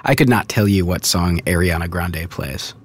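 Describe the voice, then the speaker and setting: A man's voice: low-pitched, moderate pace, breathy edge, no echo. A man co-hosting a podcast, chatting casually and rambling with lots of filler words. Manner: rambling, many filler likes. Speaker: podcast co-host. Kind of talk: casual chat.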